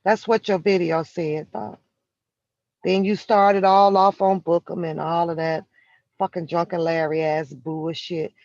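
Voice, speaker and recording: A vlogger sits in a vehicle and delivers a heated, profane rant straight at someone. Key words get drawn out slowly for emphasis. The recording is dull and lo-fi, with a dry, close sound. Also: medium pitch, level tone, darkish tone, no room sound. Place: inside a vehicle.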